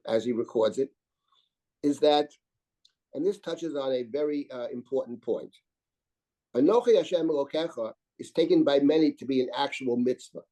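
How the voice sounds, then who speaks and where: Older rabbi teaching, mellow, discursive. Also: male voice, medium pitch, poor audio. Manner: discursive, reads Hebrew verses aloud, frequent restarts and asides. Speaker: rabbi teaching Torah class. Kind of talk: lecture on biblical commentary.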